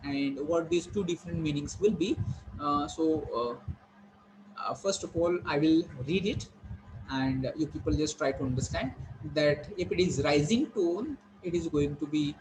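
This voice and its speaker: A male lecturer teaching a class, explaining slowly with many fillers and restarts. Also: fairly high pitch, background noise. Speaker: college lecturer.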